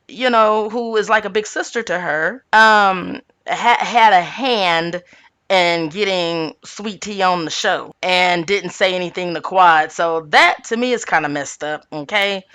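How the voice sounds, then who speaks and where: Bright-voiced sassy woman recapping gossip. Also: lowish voice, normal speed. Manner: sassy, chatty, peppers talk with "okay"; speaks informally on her channel, by her own account. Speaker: tarot channel host. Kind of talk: casual gossip recap monologue.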